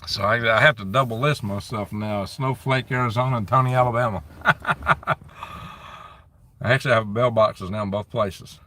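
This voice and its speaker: A man's voice: lowish voice, steady tone, a little fast, hardly any pauses, bright, forceful tone, recorded from a distance, slight background noise. A man hosting a casual live stream on his phone, chatting and grumbling as he reads out where viewers are from. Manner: reads out viewer comments and locations.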